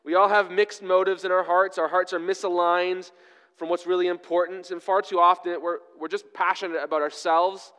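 Casual pastor in a reverberant hall. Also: male voice, high voice, level tone, moderate pace, fairly bright tone, smooth. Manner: conversational, self-deprecating storytelling with fillers. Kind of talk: sermon.

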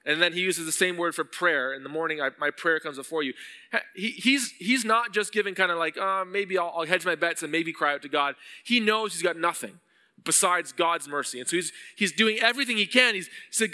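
A male pastor with a high voice delivers an earnest sermon a little fast, his tone pushed and bright, with a long reverb tail behind him. When he voices psalm verses from scripture, he builds to a pleading intensity.

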